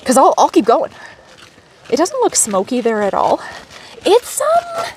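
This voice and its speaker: Woman, live streamer, chatty and animated, highish voice, a bit away from the mic, faint background noise, outdoors. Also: normal speed, recorded from a distance. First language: Polish. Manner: chatty, animated, talking to chat while hiking. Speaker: livestreamer. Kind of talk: casual live stream chat. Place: outdoors on a lakeside trail.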